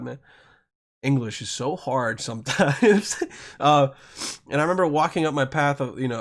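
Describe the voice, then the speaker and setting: A man from Europe hosting a podcast, telling a rambling, crude story in a casual monologue full of swearing and self-interruptions. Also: mid-range voice. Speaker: podcast host.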